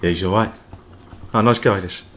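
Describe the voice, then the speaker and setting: Guy doing a big quiet hulking dude, real deep and mumbly. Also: fairly even intonation, moderate pace, lightly acted. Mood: menacing calm.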